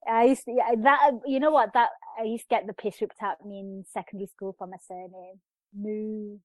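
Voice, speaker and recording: A woman's voice: on the high side, flat delivery, fast talker, no room sound, rough recording. A woman joining a casual podcast chat, laughing and poking fun at herself. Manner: laughing, self-mocking. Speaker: podcast guest. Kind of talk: casual banter.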